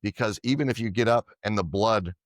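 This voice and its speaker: A man being interviewed as a podcast guest, telling lively anecdotes and acting out what others said. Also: on the low side, a little fast, dry recording. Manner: animated anecdotes, quoting others in dialogue. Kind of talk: casual storytelling interview.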